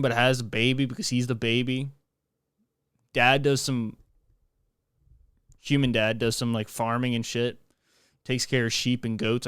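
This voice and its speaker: A young man hosts a podcast in a loose, rambling monologue, cracking jokes and restarting his sentences. His mid-range voice is smooth with a fairly bright tone. The recording is dry and studio-clean.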